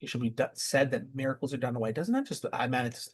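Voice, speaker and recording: A man's voice: mid-range voice, quick pace, breathy edge. A man giving impassioned scripture commentary, emphatic and repeating rhetorical questions. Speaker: scripture teacher.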